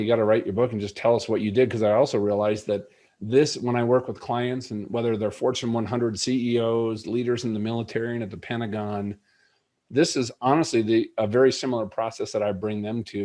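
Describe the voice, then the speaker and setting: A man's voice: fairly low pitch, a little mellow. A middle-aged man and leadership coach, a guest telling a personal story in an earnest, reflective way. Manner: earnest, reflective, with many fillers. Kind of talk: conversational storytelling interview.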